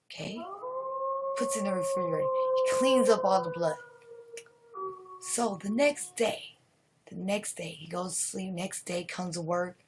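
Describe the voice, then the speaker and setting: Slow, rambling woman telling a horror story. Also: medium pitch, very animated, background noise. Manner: rambling, restarts, drops to whispers for suspense. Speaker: live streamer.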